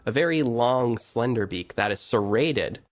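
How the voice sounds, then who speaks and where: A man's voice: mid-range voice, lively intonation, unhurried. A man co-hosting a casual podcast, enthusiastic and jokey in his banter. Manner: enthusiastic, jokey, breaks into silly chants. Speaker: podcast co-host. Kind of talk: casual chat.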